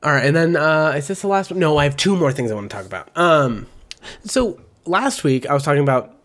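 A man hosting a casual talk show, rambling and animated, with lots of fillers and swearing. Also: fairly high pitch, a little fast. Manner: mimics other people's voices in quotes. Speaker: host. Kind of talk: casual commentary.

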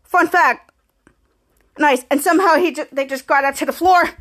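A woman with a high-pitched voice hosts a casual podcast, walking through a TV episode shot by shot. She rambles and stumbles, restarting phrases and stringing scenes together with a steady "cut to.". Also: fast. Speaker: podcast host.

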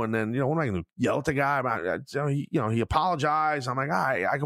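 A man's voice: mid-range voice, very animated, racing, hardly any pauses, a bit bright, dry recording, studio quality. A middle-aged man hosting a podcast in blunt, profane, casual chat. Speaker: podcast host.

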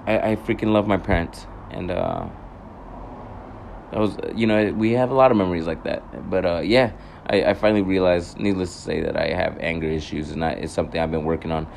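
Low-voiced young man telling a rambling, profane story. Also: lively intonation, fairly quick, gravelly, darkish tone, slight background noise. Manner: rambling, profane, self-correcting, laughs at himself. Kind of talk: casual storytelling monologue.

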